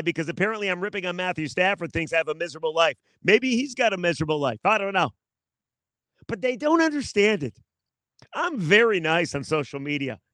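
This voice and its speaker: A man's voice: sits high, a bit bright, no echo. A man hosting a sports talk show, delivering a sarcastic, self-mocking monologue outdoors in his backyard and talking straight to his listeners. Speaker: sports radio host.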